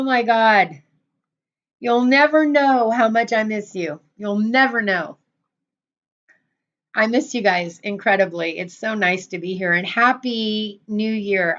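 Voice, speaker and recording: A woman's voice: fairly high pitch, muffled recording. A middle-aged woman hosting a casual livestream, gushing over viewers and often repeating herself. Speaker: channel host on a livestream.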